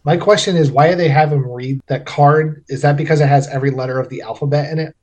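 A man's voice: on the high side, fairly even intonation, fast talker. A man co-hosting a movie podcast, making wry, critical remarks with occasional swearing. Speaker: podcast co-host. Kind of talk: casual movie commentary chat.

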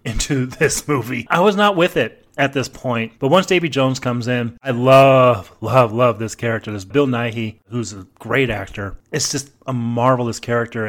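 A man's voice: mid-range voice, fairly bright tone. A man co-hosting a podcast, chatting casually and enthusiastically about a film as it plays, with emphatic praise. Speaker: podcast co-host. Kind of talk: casual movie commentary chat.

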